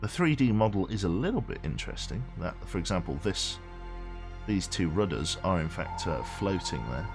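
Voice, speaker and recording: A man's voice: sits low, very animated, moderate pace, music in the background. A man streaming a game in a rambling, chatty way, reading game text aloud and swearing offhand. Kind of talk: casual live game commentary.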